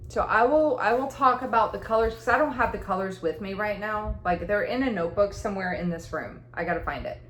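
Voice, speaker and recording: A woman's voice: medium pitch, brisk, few pauses, fairly bright tone, reverberant, slight background noise. A woman talking casually about her cross-stitch projects, rambling and chatty, with self-deprecating laughs. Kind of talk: casual chat. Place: room at home.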